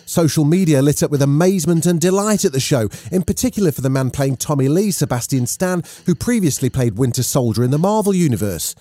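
A man's voice: fairly high pitch, animated, a little fast, hardly any pauses, warm tone, no echo. A man reading scripted news headlines as a podcast host, with a lightly wry delivery.

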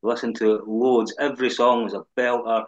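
A man's voice: mid-range voice, steady tone, brisk. A man joining a podcast video call as a supporter, talking in a blunt, sweary, emphatic way. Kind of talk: casual chat on an online call. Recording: muffled lo-fi online call audio.

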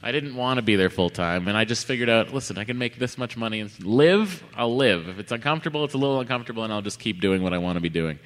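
A chatty comedian fields audience questions on stage with loose, joking banter. His voice is bright and forward. The sound rings with the long reverb of a live venue. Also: mid-range voice, lively intonation, fast talker, hardly any pauses. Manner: jokey, rambling, chatty. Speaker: podcast host answering audience questions.

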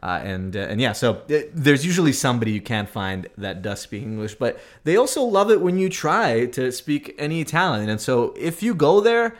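A man co-hosting a podcast, a native Russian speaker telling a travel story in a relaxed, casual way with many fillers. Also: medium pitch, moderate pace, few pauses. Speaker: podcast co-host.

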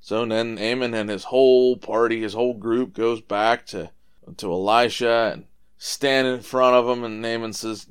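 A man's voice: mid-range voice, normal speed, clear, resonant tone. A man hosting a show where he casually retells Bible stories, explaining as he goes. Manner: relaxed, explaining with asides. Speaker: storytelling dad, show host.

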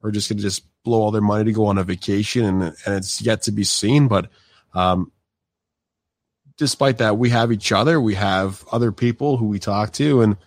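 Male podcast host, low-ish, dry sound, loose rambling delivery. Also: moderate pace, no echo. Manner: loose, rambling, many fillers and restarts. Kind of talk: casual interview chat.

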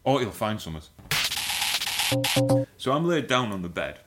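A man's voice: lowish voice, big pitch swings, moderate pace, loud music behind the voice. A man co-hosting a podcast, telling a rambling, comic story with swearing and frequent laughs. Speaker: podcast co-host. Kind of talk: casual comedic chat.

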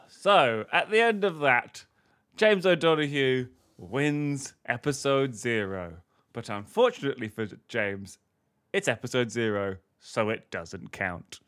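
A man's voice: medium pitch, lively intonation, slow pace, a bit bright. A man co-hosting a podcast, playing a quiz contestant who complains, swears and laughs in casual comedic banter. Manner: mock-exasperated, swears and laughs.

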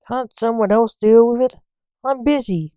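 A woman's voice: a little high, expressive, unhurried, warm tone, no echo, studio quality, voice pushed up. A woman voicing a snappy, grumbling old coroner. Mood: irritated. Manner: snappy, moaning complaints. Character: impatient grumpy older male coroner.

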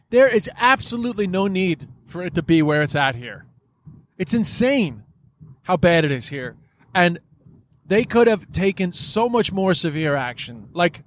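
A man's voice: on the high side, slight background noise. A man hosting a podcast, talking in a casual, frustrated monologue, swearing often and filling his speech with "like" and "you know.". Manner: frustrated, profane, many fillers.

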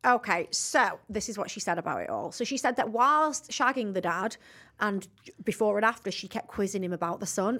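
A woman's voice: mid-range voice, expressive, moderate pace, fairly bright tone. A woman co-hosting a podcast in casual chat, brash and laughing, swearing freely. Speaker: podcast co-host.

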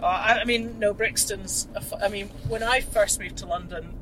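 A woman from Scotland, a passenger chatting casually and warmly, with a self-deprecating edge. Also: medium pitch, moderate pace, low-quality recording. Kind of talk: casual chat. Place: inside a car. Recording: car recording with road noise.

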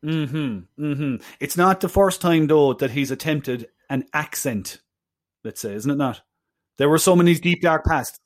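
A man's voice: a little high, unhurried. A man co-hosting a film podcast, talking with many hesitant restarts and a tone of exasperated disbelief. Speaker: podcast co-host. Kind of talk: casual film review chat.

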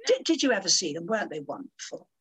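An older woman telling lively anecdotes as an interview guest, theatrical and calling people dear and my love. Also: on the low side, quick pace, slight background noise.

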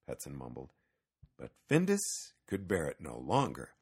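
A man narrating a children's storybook in an expressive, storytelling way. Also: extremely low pitch, measured pace, husky.

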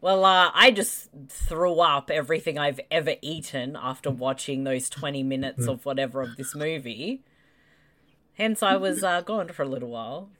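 A woman in a casual movie-riffing podcast, speaking with wry, drawn-out remarks. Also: low-pitched, pushed and bright.

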